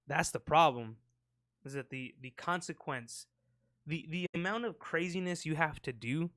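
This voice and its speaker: A man's voice: fairly high pitch, fairly bright tone, dry recording, clean studio sound. Rambling, profane man with a raised voice. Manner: profane, rambling, acts out sound effects and voices. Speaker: podcast co-host. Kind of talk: casual podcast banter. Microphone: close podcast mic.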